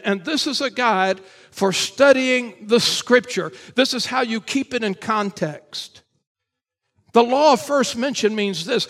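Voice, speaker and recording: High-voiced emphatic man preaching. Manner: emphatic and repetitive, rising to shouts then dropping low. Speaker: pastor. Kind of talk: Sunday morning sermon. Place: church service.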